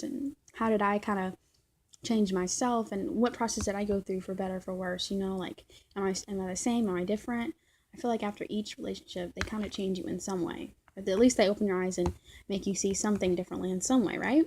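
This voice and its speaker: A woman's voice: medium pitch, darkish tone, a little hiss or hum. A young woman vlogging about her relationship in a rambling, reflective way, often restarting her sentences. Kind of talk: personal confessional vlog.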